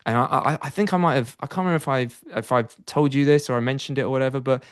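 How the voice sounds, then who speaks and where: A man's voice: medium pitch, fast, no echo, studio quality. A man hosting a podcast, chatting energetically with frequent fillers. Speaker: podcast host. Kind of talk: casual podcast interview.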